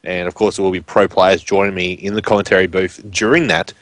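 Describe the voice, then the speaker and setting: A man's voice: sits low, little pitch movement, fairly quick, fairly bright tone, no room sound. A man with a broad rural Queensland Australian accent, chatting casually and rambling on a live stream as a guest commentator. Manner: rambling, informal, filler-heavy.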